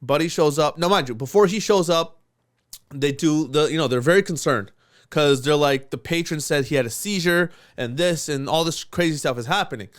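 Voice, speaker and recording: A man's voice: a little high, moderate pace. A young man on a podcast, telling a long story in casual chat, swearing a lot and laughing as he goes. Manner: animated storyteller, swears often, laughs through lines. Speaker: podcast co-host.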